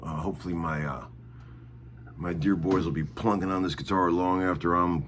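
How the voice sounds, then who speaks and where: A man's voice: deep voice, steady tone, normal speed, a little hiss or hum. A middle-aged man chatting casually to his viewers in a rambling way, with lots of fillers. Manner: rambling, warm-hearted, many fillers. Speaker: guitarist hosting his own video channel. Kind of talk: casual spoken video update.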